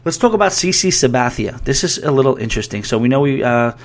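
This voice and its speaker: This podcast host has a medium-pitched, expressive voice and talks fast about sports in a loose, casual way. He wanders off track, keeps restarting his sentences, and reads out emails from listeners.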